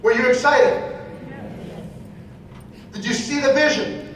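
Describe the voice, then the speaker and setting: Speaking slowly in a very high, fairly bright voice, a man delivers a motivational seminar talk. He preaches, repeats himself, and keeps asking the audience questions. The recording catches him from far off in an echoey hall with faint noise.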